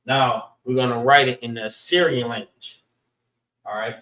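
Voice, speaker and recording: A man's voice: mid-range voice, moderate pace. Man teaching a casual class, roomy echo. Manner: relaxed, repeats "all right" between points. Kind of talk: informal scripture class lesson.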